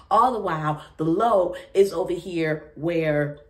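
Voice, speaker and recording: A woman casually recapping and reacting to a reality TV episode, slangy, chatty and expressive. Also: on the low side, a little slow, slight background noise.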